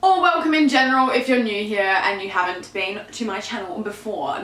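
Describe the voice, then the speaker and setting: A woman's voice: medium pitch, fairly quick, fairly bright tone, soft background music. Young woman, mid-range voice, vlogger doing an eat-and-chat Q&A; blunt, sweary, laughs a lot; room echo audible. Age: young adult. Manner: candid, swears casually, laughs easily. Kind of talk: casual Q&A chat while eating.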